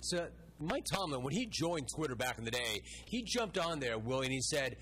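A man's voice: medium pitch, very animated, fairly quick, hardly any pauses, bright, forceful tone, slight background noise. A man hosting a sports interview, enthusiastic and emphatic, often repeating himself for stress. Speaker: sports show host.

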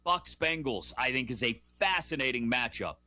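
Man, 30s to 40s, sports talk host. Animated, opinionated, bright tone, dry sound. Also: medium pitch, moderate pace, no echo. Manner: animated, jokey, emphatic.

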